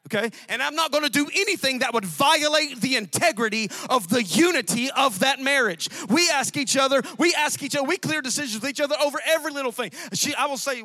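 A man preaching a sermon to a congregation, emphatic and repetitive, with sudden loud outbursts. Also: very high-pitched. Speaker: pastor. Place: church sanctuary. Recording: dry sound with long hall reverb.

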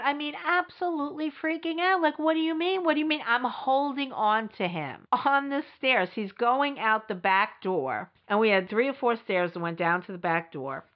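A middle-aged woman hosting a podcast, telling her own story in a blunt, emphatic, sarcastic way. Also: sits high. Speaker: podcast host. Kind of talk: candid personal storytelling. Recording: dull lo-fi recording.

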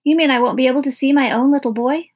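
A fretful mother with a quavering, husky voice, as a woman reads her part. She sounds anxious and easily alarmed, and her voice sits a touch high with some gravel. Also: expressive, a little fast. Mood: fearful. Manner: quavering, fearful.

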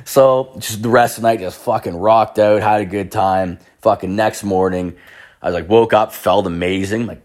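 A man's voice: lowish voice, steady tone, normal speed, darkish tone. A young man telling a rambling, profane personal story in casual chat. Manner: profane, rambling, many restarts and fillers.

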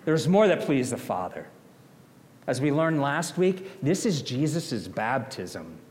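A man's voice: medium pitch, very animated, slow, a little mellow, big-room sound. A man preaching a sermon, earnest and emphatic, repeating phrases to drive them home. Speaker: pastor. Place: church sanctuary.

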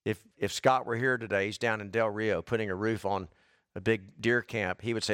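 A man's voice: lowish voice, fairly even intonation, brisk, a bit bright, no room sound, studio quality. A man preaching a sermon, folksy and conversational, building to emphatic repeated lines, his voice a little worn and short of breath. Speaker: pastor.

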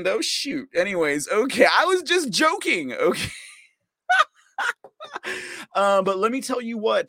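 A man's voice: high-pitched, gravelly, pushed and bright, no room sound, studio quality. A man hosting a live podcast, rambling casually, mocking his targets with frequent laughs and reading viewer comments aloud. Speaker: podcast host.

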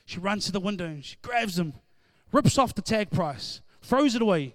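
A man preaching a sermon, moving between conversational storytelling and loud, emphatic call-and-response. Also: high voice, animated, normal speed, few pauses, dry recording, studio quality.

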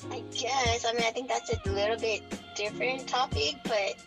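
A woman's voice: on the high side, moderate pace, vocal fry, rough recording. A woman co-hosting a podcast in casual chat, playful and laughing often, with music playing behind. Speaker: podcast co-host.

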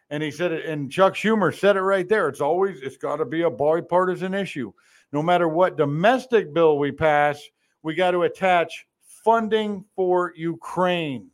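A man hosting a political talk show, delivering sarcastic, mocking commentary. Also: fairly high pitch.

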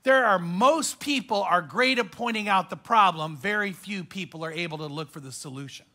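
A man preaching a sermon as pastor, emphatic, with repeated phrases and dramatic pauses. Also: high voice, bright, forceful tone.

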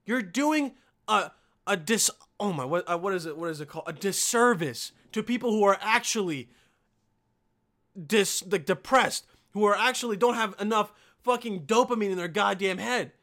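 A man hosting a reaction video, delivering a profane, exasperated comedic rant that keeps jumping into yelling. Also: high voice, animated, moderate pace. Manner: foul-mouthed, exasperated, swings into yelling.

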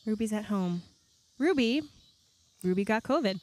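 A woman from New York hosting a casual podcast chat, bubbly and quick to laugh, recorded on a back deck at night. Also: medium pitch, expressive, a little mellow. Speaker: podcast host.

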